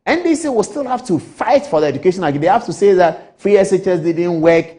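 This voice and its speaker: A man's voice: high voice, animated, fast, dark tone. A man hosting a TV current affairs show, giving political commentary in the studio with repetition and rhetorical questions.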